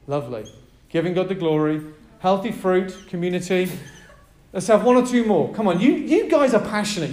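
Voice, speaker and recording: Male pastor, high voice, energetic and emphatic sermon delivery, roomy echo. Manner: emphatic, energetic preaching with audience prompts. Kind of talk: sermon to a live group. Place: room with a gathered group.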